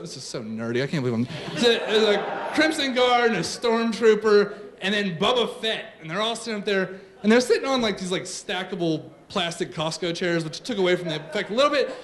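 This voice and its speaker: A man in his thirties telling a true story on stage, animated, comic and self-mocking. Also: sits high.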